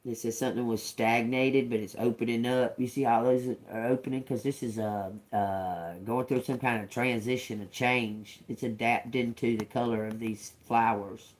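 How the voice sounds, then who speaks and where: A man's voice: mid-range voice, fairly even intonation, normal speed, few pauses, low-quality recording. A man giving a casual tarot reading to his viewers, musing aloud and repeating words as he reads each card, calling his listeners y'all. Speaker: tarot reader.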